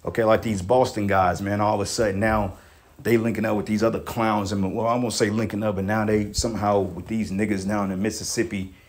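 A man's voice: fairly low pitch, level tone, fairly quick. A man preaching a blunt, profane sermon, reading scripture aloud and confronting critics, peppering his speech with "man" and "bro".

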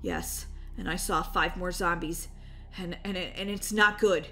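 A woman voicing a protective but jittery family father who stammers and rushes his words. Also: lowish voice, fairly even intonation, bright, forceful tone, soft background music. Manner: rushed and stammering when alarmed.

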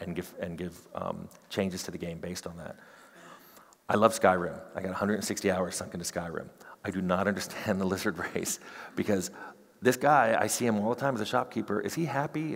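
Gravelly, fast-talking man in a hall. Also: lowish voice. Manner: animated, acts out quoted characters in quick voices. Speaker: game designer giving a conference talk. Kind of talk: conference talk. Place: conference hall. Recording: reverberant hall sound.

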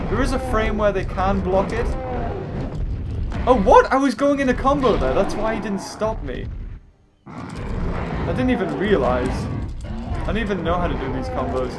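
A man giving rambling, excitable gameplay commentary as a let's play host, often laughing and shouting at the game. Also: sits high, very noisy. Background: game music.

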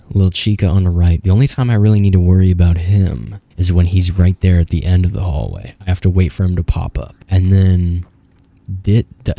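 A man's voice: deep voice, vocal fry, mellow, no room sound. A young man giving casual, profane gameplay commentary, rambling and talking back at the screen. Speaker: gaming YouTuber.

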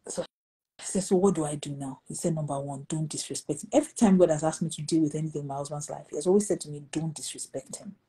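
Husky-voiced Nigerian woman telling a story. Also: low voice, quick pace, rough recording. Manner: animated storytelling, acting out quoted voices. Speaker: pastor. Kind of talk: storytelling in a talk show conversation.

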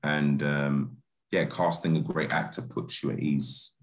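A man's voice: rumbling low, flat delivery, a little slow. A man, a film director talking casually as an interview guest, laid-back and laughing easily, with many restarts and fillers. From Britain.

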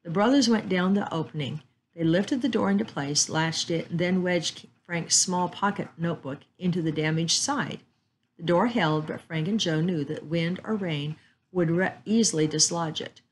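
A woman storyteller reading a chapter book and a Bible story aloud in a calm, measured way. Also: lowish voice, a little hiss or hum, low-quality recording.

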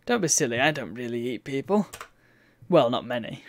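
A streamer voicing a large, hungry but harmless giant in a low, mock-menacing reading voice. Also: animated, normal speed, lightly acted. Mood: teasing.

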